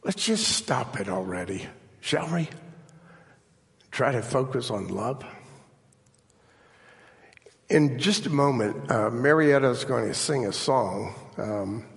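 Slow gravelly preacher in a ringing hall. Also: male voice, mid-range voice, expressive. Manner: emphatic, rising sharply on key phrases. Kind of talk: sermon. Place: church sanctuary. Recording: long reverb of a large hall.

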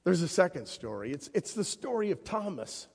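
A man's voice: high voice, very animated, moderate pace, vocal fry, a little mellow, breathy edge. A man preaching a sermon, telling stories dramatically and acting out the people he quotes. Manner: dramatic storytelling, voicing the figures he quotes. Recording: long reverb of a large hall.

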